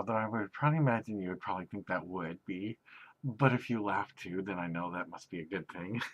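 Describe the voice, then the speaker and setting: A man rambling in a personal video message, giggling often and going soft and quiet when embarrassed. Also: deep voice, slight background noise, rough recording. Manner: giggly, self-conscious, often laughing mid-sentence; drops to a soft near-whisper when embarrassed. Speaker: aspiring actor addressing a celebrity.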